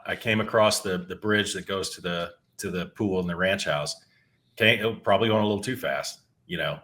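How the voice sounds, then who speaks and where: A man's voice: low voice, bright, forceful tone. A middle-aged man on a podcast telling a story in a loose, rambling way, swearing freely and often restarting his words. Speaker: podcast co-host. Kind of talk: casual storytelling. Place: home.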